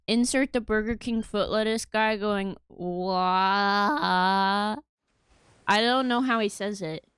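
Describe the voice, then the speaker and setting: A woman's voice: a little high, steady tone, moderate pace, clean tone, dry recording, studio quality. A woman livestreaming from home, chatting playfully and giggling with her viewers at a desk microphone. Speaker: streamer. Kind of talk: casual livestream chat. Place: home room.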